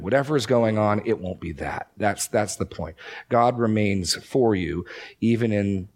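A man teaching a Bible class in a conversational, emphatic way with quick asides. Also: lowish voice. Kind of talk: teaching talk.

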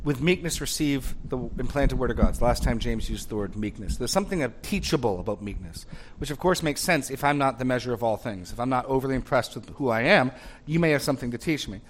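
A man preaching in a conversational, animated way, acting out short dialogues as examples. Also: medium pitch, fast talker, a little hiss or hum. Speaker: pastor. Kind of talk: conversational sermon.

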